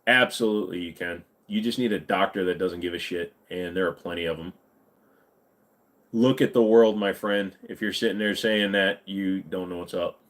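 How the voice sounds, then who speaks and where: A man's voice: low-pitched, steady tone, moderate pace, a bit bright. A man in his forties hosting a livestream, chatting casually with viewers in a blunt, profane, rambling way and sounding tired. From United States. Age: 40s. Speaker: livestream host. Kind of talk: casual livestream chat answering viewer comments.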